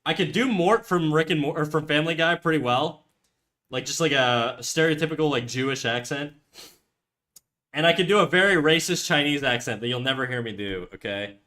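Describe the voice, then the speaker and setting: A man's voice: on the high side, fairly quick, pushed and bright. A man chatting casually on a live stream, rambling, self-deprecating and swearing freely. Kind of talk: casual livestream chat.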